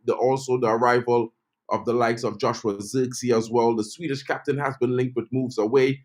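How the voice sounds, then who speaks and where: A man hosting a casual live-stream football chat, talking loosely with lots of "you know" and reading viewer comments aloud. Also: mid-range voice. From Trinidad and Tobago. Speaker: football channel host.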